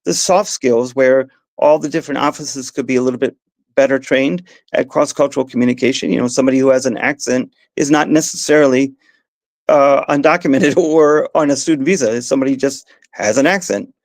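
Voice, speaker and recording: A man with a Mid-Atlantic Southern accent speaks as an interview guest, voice at a middle pitch. He talks in a thoughtful, unhurried way, restarting phrases often. The sound is dry and close, with no room around it. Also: no room sound. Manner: thoughtful, with frequent restarts and soft laughs. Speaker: guest, education advocate. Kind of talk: conversational interview answers.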